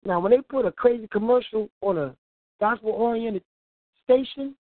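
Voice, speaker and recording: A man's voice: high voice, normal speed, dry recording. A man hosting a radio show, giving casual, preachy talk in a colloquial manner and laughing often. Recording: tinny phone-like line, dry.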